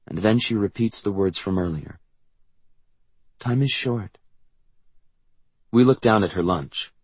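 A man narrating a first-person novel in a quiet, measured way. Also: low-pitched, husky, dry recording. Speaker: audiobook narrator.

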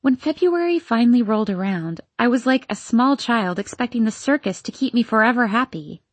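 A woman reading a novel aloud in steady scripted narration. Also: fairly high pitch, brisk, dry recording. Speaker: audiobook narrator.

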